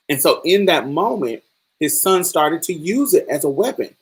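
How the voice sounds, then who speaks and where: A woman's voice: low-pitched, animated, moderate pace, husky. A woman podcast host giving casual film commentary, emphatic and profane, acting out the characters' lines as she talks.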